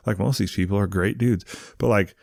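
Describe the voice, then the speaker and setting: A man's voice: lowish voice, steady tone, fairly quick, gravelly, darkish tone, dry recording, clean studio sound. A man speaking as a podcast guest, laid-back and slangy, often calling the host "dude". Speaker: guest, donut shop owner. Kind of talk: casual interview chat.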